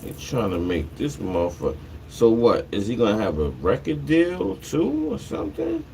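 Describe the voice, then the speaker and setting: A man's voice: mid-range voice, normal speed, slight background noise. A man hosting a livestream, casually retelling a dispute with lots of swearing and acted-out back-and-forth. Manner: animated, swears freely, retells conversations. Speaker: livestream host. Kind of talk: casual profane storytelling.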